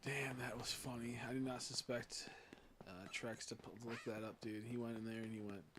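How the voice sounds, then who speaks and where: A man's voice: mid-range voice, steady tone, normal speed, noisy background. Crude, laughing young male streamer. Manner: laughing, crude, swears freely, playfully ranting. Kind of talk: casual live-stream chat.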